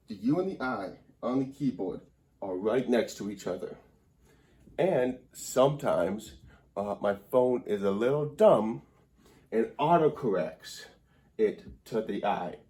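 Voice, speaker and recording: A man plays a mock grammar teacher in a comedic whiteboard lesson, talking slowly in a low, mellow voice. He rambles in a wry, mock-serious way. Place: indoor room by a whiteboard.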